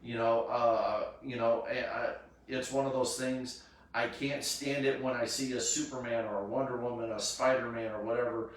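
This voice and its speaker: A man's voice: medium pitch, little pitch movement, normal speed, a little hiss or hum. A man hosting a casual charity live stream, rambling with lots of fillers and restarts. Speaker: charity cosplay event host. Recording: echoey room, distant mic.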